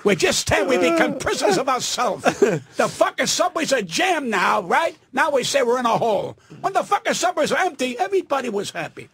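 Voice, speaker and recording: Brash older comic, raspy, swoops high and low, foul-mouthed storyteller. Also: male voice, very animated, brisk, dry recording. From New York. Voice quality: gravelly, husky. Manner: profane, loud, ranting, swings from mutter to shout. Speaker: guest comedian. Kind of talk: brash storytelling on a radio show. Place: radio studio. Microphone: studio mic.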